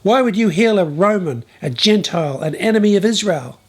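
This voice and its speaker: A man doing indignant yelling townsfolk. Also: high voice, expressive, fairly quick, husky, pitched above the performer's own voice. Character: indignant male townspeople, angry crowd.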